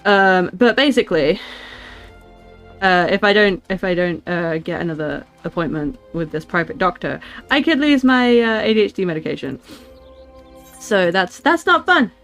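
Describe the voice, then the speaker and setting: A woman streamer chatting casually while she plays, halting and full of restarts. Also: fairly low pitch, soft background music. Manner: halting, with many restarts and fillers. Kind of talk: casual livestream chat while gaming.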